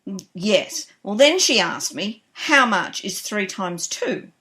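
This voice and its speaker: A woman's voice: medium pitch, big pitch swings, slow, bright, forceful tone. A woman acting in comic radio sketches with indignant, punchline delivery.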